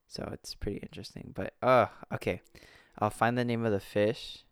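Young man, casual rambling chat, frequent swearing, low smooth voice, dry close mic. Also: normal speed, no room sound. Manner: rambling, swears a lot, excitable outbursts. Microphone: close desk mic.

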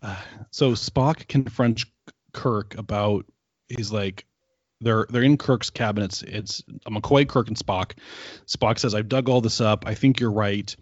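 Co-hosting a podcast, a man casually recaps an episode, rambling through asides with lots of ums, filler words, and quoted remarks. His lowish voice is unhurried, and the recording is dry with the highs cut off.

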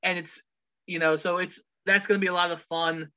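Co-host, bright forceful tone, quick and chatty, lo-fi recording. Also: mid-range voice, level tone, smooth. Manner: quick, chatty, quotes movie lines. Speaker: podcast co-host. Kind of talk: casual chat. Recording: dull lo-fi sound.

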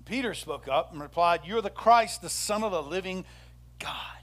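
Male pastor, sermon delivery, a bit high-pitched, acts out the quotes with energy. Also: moderate pace. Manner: animated storytelling, acts out quoted speech.

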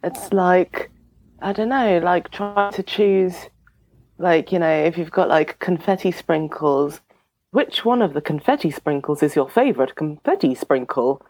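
Bubbly woman guest on a podcast, voice jumps way up when excited, lots of ums. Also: a little slow. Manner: bubbly, swooping pitch, many fillers and laughs. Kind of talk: casual chat.

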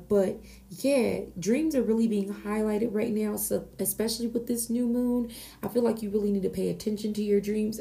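Gravelly dark-voiced woman giving a spiritual reading. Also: medium pitch. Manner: earnest and exclamatory, with frequent restarts. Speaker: oracle card reader and podcast host. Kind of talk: channeled spiritual reading, casual and unscripted.

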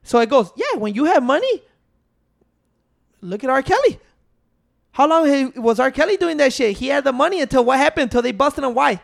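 In a casual, profane podcast debate, the man co-hosting insists on finishing what he's saying despite interruptions, restarting to hold the floor. His voice is very high with vocal fry, very animated and fairly quick, broken by long pauses.

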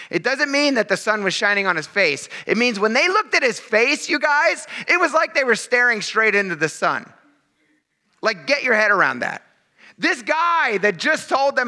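A man preaching a casual, animated sermon to his congregation, acting out quick asides as he goes. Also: high-pitched. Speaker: pastor.

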